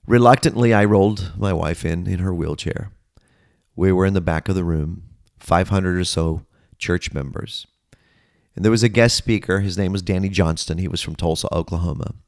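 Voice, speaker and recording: A middle-aged man, a pastor and podcast host, earnestly telling his personal testimony with dramatic pauses. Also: deep voice, dry recording, studio quality.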